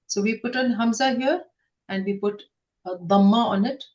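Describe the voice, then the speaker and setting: A woman teaching Quranic Arabic grammar in a recorded online lesson, patiently repeating each word slowly so learners can copy it. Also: a little high, a little mellow, muffled recording. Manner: patient, repeats words slowly to model pronunciation.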